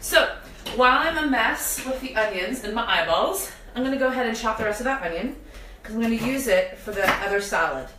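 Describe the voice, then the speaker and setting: A young woman with a slightly high voice walks viewers through a recipe in her home kitchen, chatty and self-deprecating, her eyes watering from the onions. She sounds a little distant from the mic in an echoey room. Pots and dishes clatter in the background. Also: expressive, fairly quick, sharp tone, slight background noise. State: teary-eyed from onions. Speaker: cooking show host. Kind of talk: live cooking demonstration.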